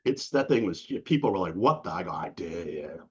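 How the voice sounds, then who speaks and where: Deep-voiced and brisk, this middle-aged New Englander has a husky, slightly breathy tone. As a casual interview guest, he tells lively stories in slang and acts out the quotes, all captured on dull, lo-fi audio.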